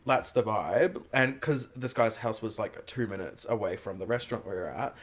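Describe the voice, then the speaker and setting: A man's voice: lowish voice, moderate pace. A young man, co-hosting a podcast and telling a gossipy story full of camp slang. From Australia. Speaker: podcast co-host. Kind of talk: casual chat.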